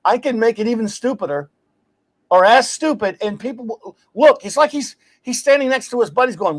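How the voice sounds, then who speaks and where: A man hosting a casual talk show, telling stories in an animated, ranting way and laughing as he goes. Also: sits high, normal speed. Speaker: podcast host. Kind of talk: casual chat.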